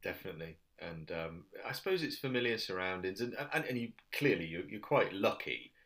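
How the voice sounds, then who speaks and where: A man's voice: sits low, sing-song, a little fast, fairly bright tone. A man chatting casually, retelling sitcom scenes with lots of restarts and acted-out lines. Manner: rambling, many restarts, acts out quoted lines.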